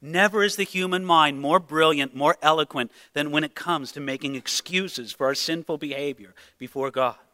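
A pastor delivering an emphatic sermon full of rhetorical questions and dramatized quotes. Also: male voice, fairly high pitch, normal speed, few pauses, pushed and bright, big-room sound.

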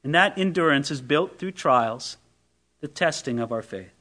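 A man's voice: fairly high pitch, expressive, normal speed, pushed and bright. A man preaching a sermon as pastor, asking rhetorical questions and reading scripture with emphasis.

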